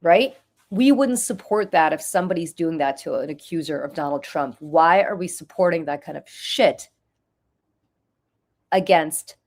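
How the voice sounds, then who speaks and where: Impassioned, lower-voiced woman commentator. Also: darkish tone. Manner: emphatic, repeats key phrases for force; emotional, urgent. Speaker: political commentator and nonprofit leader. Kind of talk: impassioned talk-show commentary.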